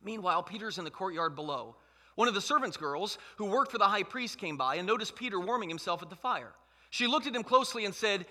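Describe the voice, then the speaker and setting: A man's voice: sits high, lively intonation, fast, bright, forceful tone. A man preaching a sermon as pastor, emphatic and conversational, in a church hall. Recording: long hall reverb.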